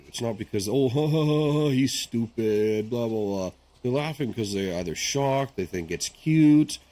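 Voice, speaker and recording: A man with a fairly low voice chats casually while he streams a game. He rambles from point to point and keeps tossing in "right?" to check in with his viewers. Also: darkish tone. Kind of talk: casual chat while gaming.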